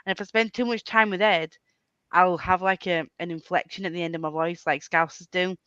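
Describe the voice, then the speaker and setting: Woman, Yorkshire accent, host, casual chat, bright voice, dry muffled video-call sound. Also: on the low side, fairly even intonation, clean tone, no room sound. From Yorkshire, England. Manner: chatty, quick to laugh. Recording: slightly muffled dry audio.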